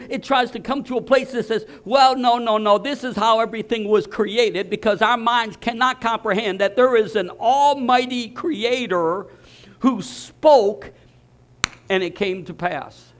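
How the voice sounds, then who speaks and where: A man's voice: high voice, fairly bright tone. An older male pastor preaching a sermon, emphatic and repeating words as he builds each point. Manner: repetitive, emphatic, restarts phrases.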